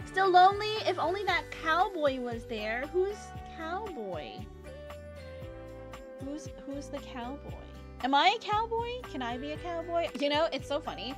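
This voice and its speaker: Bubbly young woman streamer, high voice, takes her time talking, some music behind. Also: sing-song, unhurried. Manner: chatty, bubbly, greets chat by name. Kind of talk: casual live-stream chat.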